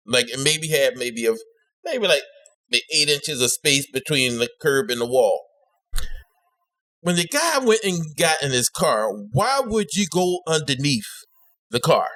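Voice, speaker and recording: Guy cohosting a podcast, bright tense voice, swings all over the place, storytelling mode. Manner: animated storyteller, jumps into high-pitched quoted voices. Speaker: podcast co-host. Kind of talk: casual chat.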